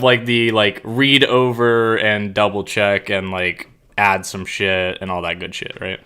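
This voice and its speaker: A male streamer with a somewhat low voice and a bright, pushing edge. He talks in a loose, rambling way, full of swearing and self-conscious asides, then reads his own story aloud to his viewers. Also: flat delivery, unhurried, hardly any pauses, clean tone. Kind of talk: casual live-stream chat and reading aloud.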